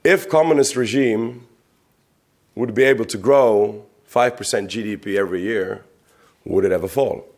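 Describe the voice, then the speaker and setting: A man's voice: fairly low pitch, moderate pace, a little mellow. A man from the Czech Republic giving a conference talk, conversational, asking rhetorical questions and repeating words as he searches for them. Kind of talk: public talk. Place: conference venue.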